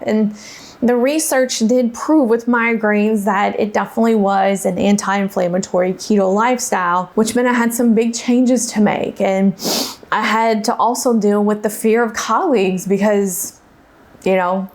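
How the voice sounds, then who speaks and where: A woman's voice: medium pitch, darkish tone. A woman dietitian, telling her personal story to viewers in a chatty, folksy way. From Louisiana.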